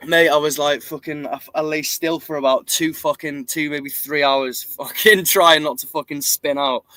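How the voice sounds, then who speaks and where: A man's voice: on the high side, normal speed, dry recording, poor audio. A man co-hosting a casual chat over a headset, swearing a lot as he tells stories. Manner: swears constantly, animated storytelling. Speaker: podcast co-host.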